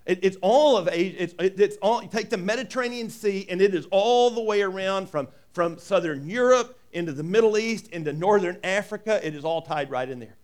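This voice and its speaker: A man's voice: sits high, fairly quick, few pauses, a little mellow. A man preaching a sermon in a folksy way, reading scripture and adding joking asides. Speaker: pastor.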